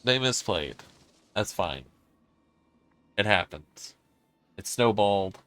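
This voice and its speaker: A man's voice: lowish voice, expressive, slow, a bit bright, dry recording, soft background music. A man streaming a horror game live, talking frankly and swearing as he mulls over a confusing match. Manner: frank, swearing, puzzled and self-critical. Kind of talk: casual gameplay commentary.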